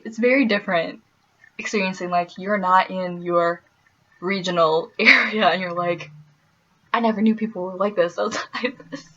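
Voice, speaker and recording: A young woman from the US Midwest telling stories in a casual vlog, animated, laughing often and slipping in playful asides. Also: medium pitch, lo-fi sound. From Wisconsin, US Midwest. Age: young adult. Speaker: vlogger.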